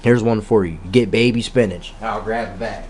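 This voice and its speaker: A man's voice: fairly low pitch, normal speed, darkish tone, a little hiss or hum. A man giving a rambling metaphysical monologue, full of rhetorical questions and casual street slang. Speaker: spiritual vlogger.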